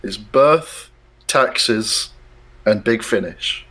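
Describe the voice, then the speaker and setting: A man's voice: fairly low pitch, very slow, sharp tone. A man co-hosting a casual fan podcast, blunt and jokey, swearing freely. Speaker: podcast co-host.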